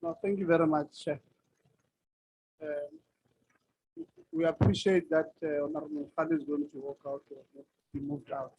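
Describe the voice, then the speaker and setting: A man, a member of parliament speaking in a measured, mocking way. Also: on the high side, fairly even intonation, a little mellow, slightly rough, dry recording, low-quality recording.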